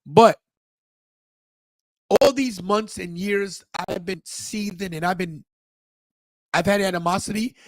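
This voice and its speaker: A man's voice: high voice, no echo. A middle-aged man hosting a podcast, telling a personal story with emotion and acting out the people in it. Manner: emotional, animated retelling with quoted voices. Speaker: podcast host. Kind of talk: storytelling monologue.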